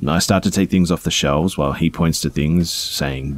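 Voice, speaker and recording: A man with an extremely low voice and a breathy, husky edge reads first-person stories aloud. He keeps it conversational, with small fillers along the way. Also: normal speed. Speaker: storyteller.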